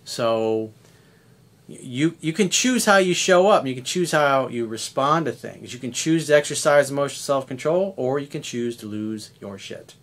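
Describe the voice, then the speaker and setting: A man in his fifties with a voice of ordinary middle pitch, talking as a dating coach. He speaks bluntly and conversationally, swearing casually as he works through a coaching monologue. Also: lively intonation, moderate pace, a bit bright. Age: 50s.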